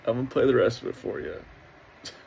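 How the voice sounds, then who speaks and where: A man's voice: mid-range voice, fast, creaky, a little mellow, slight background noise, rough recording. A middle-aged man hosting a casual reaction video, talking in a profane, rambling way and laughing often.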